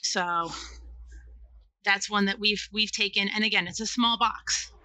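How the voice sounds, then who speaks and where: A woman co-hosting a family board game podcast, calmly describing games in casual chat. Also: mid-range voice, unhurried, no room sound. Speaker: podcast co-host.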